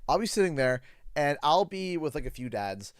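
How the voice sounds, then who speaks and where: A man's voice: fairly high pitch, sing-song, moderate pace, clear, resonant tone, no echo, studio quality. A man in his thirties from Canada chatting casually on a livestream from his home office, telling rambling anecdotes and chuckling. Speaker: gaming streamer. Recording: game music playing behind.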